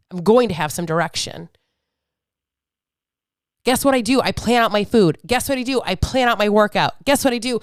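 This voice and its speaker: A woman's voice: a little high, smooth, no echo. Brief: woman in her thirties, fired-up, preachy fitness coach, dry close sound. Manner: blunt, profane, fired-up, preachy. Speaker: fitness coach and podcast host. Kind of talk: unfiltered podcast rant.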